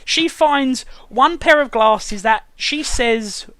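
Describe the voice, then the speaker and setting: A man's voice: very high-pitched, slow pace, sharp tone, no echo. A man hosting a casual review chat, ranting sarcastically and swearing often. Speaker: show reviewer and host.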